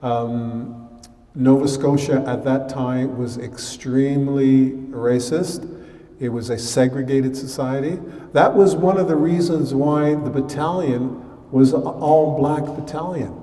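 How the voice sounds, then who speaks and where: A Canadian-born man gives a museum lecture in a relaxed, conversational way, pausing with frequent fillers. His voice is mellow and sits in a middling register. He is heard from a distance, with the long reverb of a large hall around him. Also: mid-range voice. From Canada, born in Halifax. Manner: conversational, many fillers, mimics relatives in quotes. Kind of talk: public lecture. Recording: echoey hall from far off.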